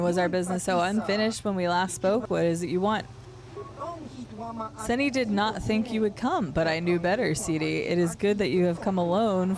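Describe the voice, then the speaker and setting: A woman reading out the lines of a secretive male bounty hunter recruiter in a video game, measured and solemn. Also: medium pitch, lightly acted.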